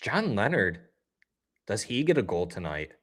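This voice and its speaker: A man's voice: lowish voice, big pitch swings, a little slow, slightly rough. Chatty man hosting a live game stream. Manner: chatty and upbeat, reacts loudly to plays; talks straight to chat viewers. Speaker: livestream host. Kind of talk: casual live game watch-along commentary.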